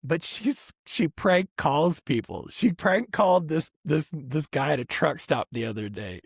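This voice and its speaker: A man's voice: a little high, lively intonation, unhurried, creaky, breathy edge, no echo, studio quality. A man co-hosting a casual podcast chat, who laughs often and rambles through his stories. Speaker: podcast co-host.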